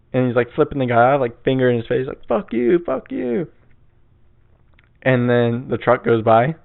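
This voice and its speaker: A man's voice: medium pitch, smooth. A young man hosting a casual solo podcast from his bedroom on an old mic, rambling, crude and laid-back. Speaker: podcast host. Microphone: old mic on a stand. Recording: tinny phone-like sound.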